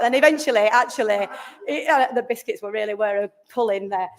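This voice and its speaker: A woman's voice: a little high, fairly quick. A woman speaking at a conference in a meeting room, enthusiastic, often restarting and searching for words. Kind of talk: conference presentation.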